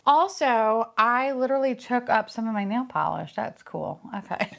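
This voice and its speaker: A woman chatting casually while unboxing toys, bubbly and excitable, swearing and laughing often. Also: fairly high pitch, moderate pace, gravelly. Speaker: unboxing vlogger.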